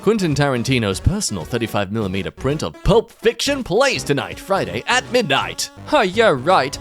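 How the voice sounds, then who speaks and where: A man's voice: on the high side, sing-song, brisk, soft background music. A man reading social media posts aloud for comedy, adding sarcastic, wry commentary.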